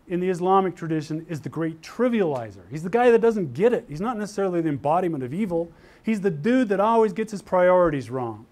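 An older man from Utah giving an animated university lecture, telling stories and acting out the voices of the people in them. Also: sits high, brisk. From Utah, USA. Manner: lively storytelling, acts out quoted voices. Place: lecture hall.

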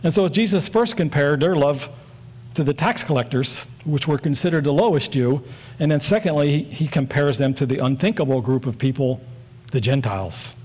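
A man's voice: fairly high pitch, moderate pace, darkish tone, breathy edge. Earnest man preaching a sermon. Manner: earnest, storytelling with repeated phrases.

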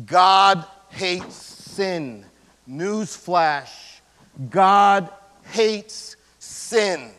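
A male pastor with a high voice delivers a sermon in a casual, slangy manner. His pitch leaps and falls as he swings from loud emphasis to hushed near-whispers. A long church-hall reverb trails each phrase. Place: church sanctuary.

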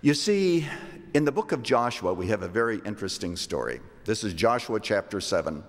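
An older man preaching a sermon as a pastor, slowing down to stress scripture verses with emphatic delivery. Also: lowish voice, sing-song. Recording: long reverb of a large hall.

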